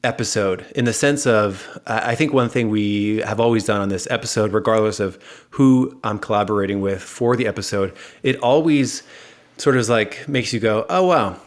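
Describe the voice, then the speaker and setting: A man's voice: on the low side, moderate pace. A man with an American accent hosting a podcast in a casual, upbeat, joking way. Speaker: podcast host.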